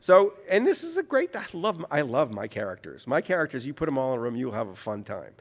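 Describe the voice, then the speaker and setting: A man's voice: medium pitch, fast, big-room sound. A man from New Orleans, an author, telling anecdotes as an interview guest, often restarting and correcting himself mid-sentence. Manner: animated, self-correcting storyteller. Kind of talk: anecdotal storytelling in conversation.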